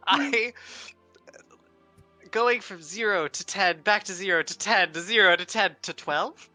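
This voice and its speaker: Woman, hesitant player with giggles, slow speech, bright tone. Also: medium pitch, soft background music. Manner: hesitant, many ums, giggly. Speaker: tabletop game player. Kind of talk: casual post-game chat.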